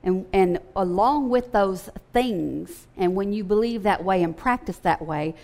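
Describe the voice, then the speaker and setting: A woman's voice: medium pitch, a little slow, a little mellow. A woman firmly and matter-of-factly commenting on a video clip she disagrees with. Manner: firm, matter-of-fact.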